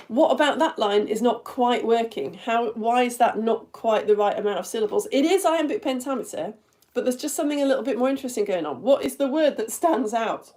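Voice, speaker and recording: A woman's voice: fairly high pitch, fairly quick. Chatty teacher woman with bouncy questions. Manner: chatty, animated, asks questions. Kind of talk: online lesson.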